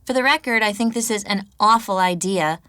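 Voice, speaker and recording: A woman's voice: medium pitch, a little fast, pushed and bright, no echo, close to an everyday voice. A woman narrator voicing the anxious, reluctant young heroine, who protests in a wary and dry way. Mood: protesting.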